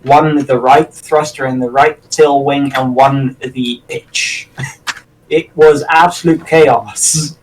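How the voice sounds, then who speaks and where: A man chatting casually while playing a game with a friend, rambling with lots of fillers and quick self-deprecating laughs. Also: mid-range voice, steady tone, distant mic, slight background noise, rough recording. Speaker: gaming channel host. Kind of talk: casual co-op gameplay chat.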